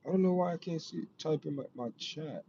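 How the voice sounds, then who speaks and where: A man's voice: on the high side, fairly quick, creaky, mellow. A man with a Jamaican accent, hosting a casual livestream and chatting with viewers in a rambling way, repeating himself and often saying "you know what I mean". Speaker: livestream host. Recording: dull lo-fi stream audio with faint noise.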